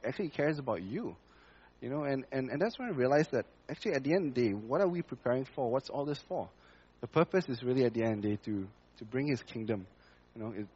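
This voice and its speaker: Man, church testimony, halting with fillers, husky voice, muffled recording. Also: mid-range voice, a little mellow. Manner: halting, with many fillers and restarts. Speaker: church speaker sharing a testimony. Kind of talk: spoken testimony to a congregation.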